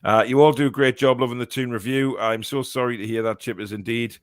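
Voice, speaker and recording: A man hosting a casual live-stream podcast, reading out viewer messages in a chatty, friendly way. His voice sits at an ordinary pitch and is recorded close and dry. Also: steady tone, fast talker, dry recording. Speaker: podcast host.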